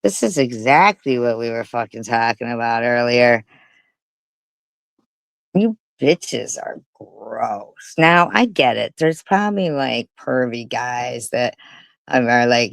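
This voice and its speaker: A woman's voice: a bass voice, lively intonation, slow pace, vocal fry, no echo, low-quality recording. A woman hosting a livestream, talking in a profane, mocking and disgusted way. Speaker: livestream host. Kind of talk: casual livestream commentary.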